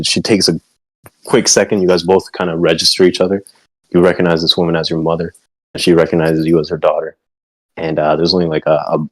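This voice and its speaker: Deep-voiced man narrating a tabletop game. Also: no room sound, rough recording. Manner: casual, lots of fillers, occasional swearing. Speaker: game master.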